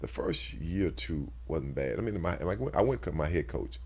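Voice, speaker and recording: A man's voice: a bass voice, animated, normal speed, slightly rough. A man in his sixties, a former football player, telling stories in a casual interview with lots of restarts and repeated words.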